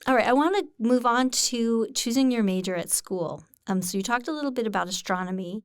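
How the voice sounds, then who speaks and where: A woman's voice: a little high, a little fast, clean tone, no echo, studio quality. A woman hosting an interview, asking questions in a friendly, chatty way with lots of fillers. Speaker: interviewer, host. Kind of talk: casual interview.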